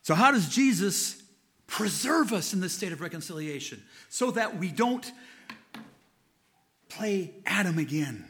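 A man preaching with a high, bright voice that rings out sharply. He builds to fervent, emphatic climaxes, then drops into low, earnest passages as he presses each point home. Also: big pitch swings, unhurried, long pauses. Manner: impassioned, rising to fervent peaks then dropping low and earnest. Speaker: pastor. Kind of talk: sermon.

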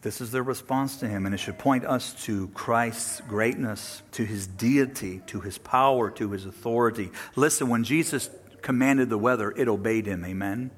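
A man preaching a sermon, acting out the people he quotes with sudden drops to a hush and rises to a loud, higher pitch. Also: moderate pace, husky. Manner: acts out quoted speakers with dramatic pitch and volume swings. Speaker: pastor.

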